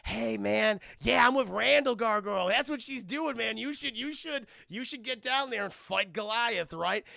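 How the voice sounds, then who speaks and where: A man's voice: very high voice, normal speed, creaky, pushed and bright, no echo, studio quality, pitched above the performer's own voice, full character voice. A man voicing a pushy male computer program who talks casually and persuasively. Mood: egging on.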